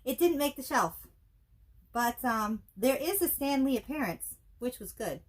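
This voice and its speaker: A woman's voice: high voice, animated, unhurried. Woman, co-host, casual movie review chat, wry, dry asides.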